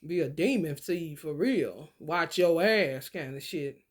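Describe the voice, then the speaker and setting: A woman's voice: sits low, animated, unhurried. A woman who reads tarot, ranting in a casual spiritual vlog with blunt, emphatic and profane speech.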